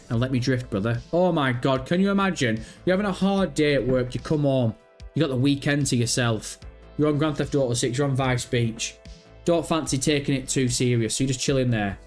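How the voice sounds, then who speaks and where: A man's voice: medium pitch, moderate pace. A young man hosting a gaming livestream, chatting casually, swearing and teasing viewers in chat. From Britain. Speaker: livestream host. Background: faint background music.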